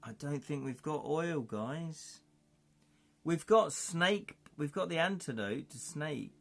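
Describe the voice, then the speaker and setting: A man narrates a fantasy gamebook at an unhurried pace, pausing to puzzle over choices and chat with his viewers. Faint music plays quietly underneath. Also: fairly high pitch, animated, gravelly. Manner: thinks aloud, chatty with viewers. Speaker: streamer reading a gamebook. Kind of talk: live-streamed gamebook play, narration and chat.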